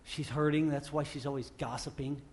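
A male pastor preaching a sermon off the cuff, swinging from loud emphatic bursts to quiet low passages and often restarting his phrases. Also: steady tone, a little fast, a little hiss or hum. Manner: repeats and restarts phrases while speaking off the cuff.

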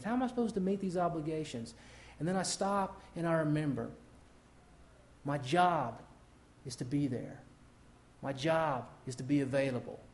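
A middle-aged pastor with a somewhat high, slightly mellow voice preaches a conversational sermon to his congregation, frequently repeating and restarting words as he goes.

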